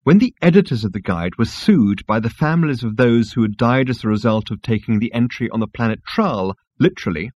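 A man giving scripted narration of a story in a dry, deadpan way. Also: mid-range voice, brisk, hardly any pauses, dry recording, muffled recording.

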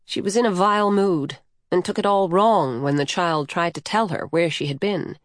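A woman reading a novel aloud in measured, even storytelling. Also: on the low side, dry recording, clean studio sound. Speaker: audiobook narrator. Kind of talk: scripted narration.

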